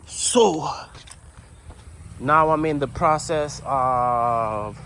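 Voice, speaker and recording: A man's voice: mid-range voice, drawn-out words, vocal fry, a bit bright, slight background noise. Man slangy, rambling garage vlogger. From U.S. Virgin Islands. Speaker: motorcycle builder. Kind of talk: casual vlog talk. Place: home garage.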